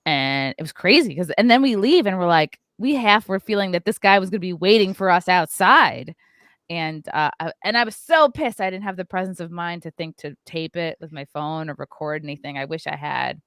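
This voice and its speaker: A woman's voice: lowish voice, fairly quick, a bit bright, dry recording. A woman hosting a podcast, telling a story with lots of "like" fillers and acting out what people said. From New York area. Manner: acts out quotes, frequent "like" fillers. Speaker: podcast host. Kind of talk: animated storytelling chat.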